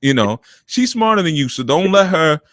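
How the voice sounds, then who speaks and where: A man's voice: a little high, sing-song, normal speed, fairly bright tone, dry recording, studio quality. A man hosting a live call-in spiritual advice show, talking in a streetwise, preachy, colloquial way. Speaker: radio show host and spiritual teacher.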